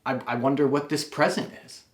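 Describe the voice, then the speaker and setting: A man's voice: medium pitch, fairly even intonation, brisk, reverberant. A man telling a wry, confessional personal story.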